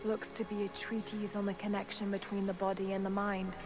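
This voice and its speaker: An actress voicing a calm young woman adventurer who reads aloud in a flat, measured way. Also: medium pitch, music in the background, close to an everyday voice. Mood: reflective.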